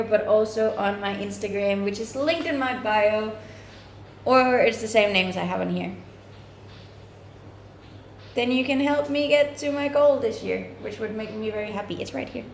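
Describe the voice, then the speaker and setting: A woman's voice: fairly high pitch, a little hiss or hum. Bubbly woman streamer, echoey room. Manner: bubbly, thanks viewers warmly. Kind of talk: casual live-stream chat. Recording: echoey room with faint ambience.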